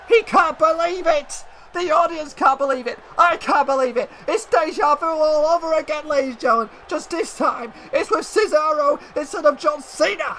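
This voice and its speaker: A man giving excited play-by-play commentary on a wrestling video game, often shouting and addressing the audience as ladies and gentlemen. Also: extremely high pitch, unhurried, vocal fry, a little hiss or hum.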